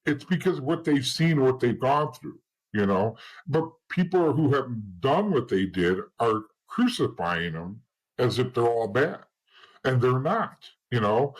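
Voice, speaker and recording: A man's voice: mid-range voice, big pitch swings, unhurried, breathy edge, low-quality recording. A middle-aged man telling his life story as an interview guest, blunt and rambling, often restarting and saying "you know.". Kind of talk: candid personal storytelling in an interview.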